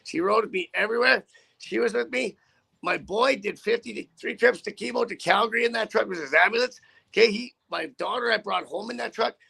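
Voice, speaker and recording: A middle-aged truck driver chats casually, blunt and full of curses, in a high, gravelly voice with a bright edge. He talks fairly quickly, rambles, and often restarts his sentences.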